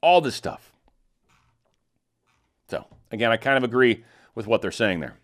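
A man's voice: mid-range voice, lively intonation, measured pace. Blunt rambling man commentator. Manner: blunt, rambling, with frequent restarts. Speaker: political commentary host. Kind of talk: casual unscripted commentary.

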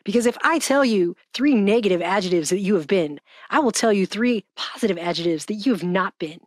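A woman's voice: mid-range voice, expressive, brisk, no echo, studio quality, close to an everyday voice. Stubborn chatbot, read by a woman. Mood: insistent. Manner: insistent, repetitive, falsely polite. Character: stubborn, self-righteous chatbot.

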